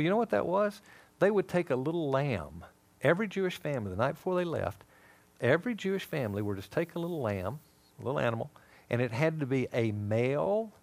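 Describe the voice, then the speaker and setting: A man teaching scripture with a lively, swooping voice at a middle pitch. He tells it as a story, slipping into voices for each person in it. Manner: animated storytelling, acting out dialogue. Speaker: Bible teacher. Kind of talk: sermon-style teaching.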